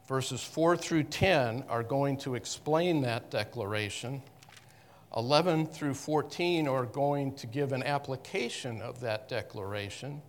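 A Bible teacher with a mid-pitched voice explains Scripture to a congregation in a loose, conversational way, halting often to restart phrases and correct himself. His voice carries the long reverb of a hall, with slight background noise.

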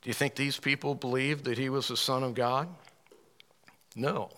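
A man preaching a sermon to a room of listeners, reading scripture with rising emphasis, asking pointed questions, and often clearing his throat. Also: medium pitch, fairly even intonation, normal speed, bright, forceful tone. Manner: asks the audience pointed questions. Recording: long hall reverb.

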